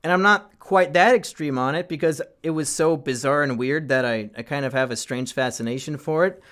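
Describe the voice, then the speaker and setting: Rambling young man, fairly high voice. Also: brisk. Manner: rambling, swears often, trails off into quiet asides. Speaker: podcast co-host reviewing films. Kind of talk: casual chat.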